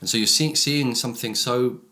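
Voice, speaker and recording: A man's voice: mid-range voice, pushed and bright. A man, a church leader reflecting on a Sunday sermon in casual chat. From England, Brighton. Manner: reflective, explaining with slow emphasis.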